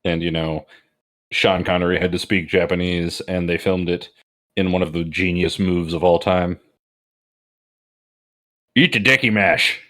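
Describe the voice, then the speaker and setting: A man co-hosting a comedy podcast, cracking jokes and quick asides as he riffs on an old movie alongside a friend. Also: sits low, level tone. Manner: joking, quick asides, laughs often. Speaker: podcast co-host. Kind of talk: casual movie riffing commentary.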